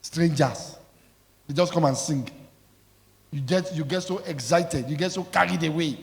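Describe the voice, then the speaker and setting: A man's voice: fairly high pitch, measured pace, creaky. A man preaching a sermon as pastor, emphatic and scolding, calling out questions for the congregation to answer. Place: church. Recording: echoey church hall.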